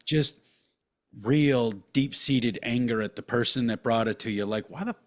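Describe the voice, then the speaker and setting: A man in his thirties co-hosting a podcast, talking casually and swearing a lot as he tells rambling, animated stories. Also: mid-range voice, measured pace. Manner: profane, rambling, animated storytelling. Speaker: podcast co-host. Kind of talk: casual chat.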